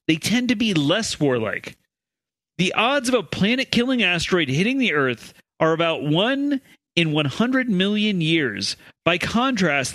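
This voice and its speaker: Man, co-host and news reader, high bright voice, very animated, dry studio sound. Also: no echo. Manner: reads stories aloud, laughs often, corrects others. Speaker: podcast co-host reading news. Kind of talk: scripted news reading with banter.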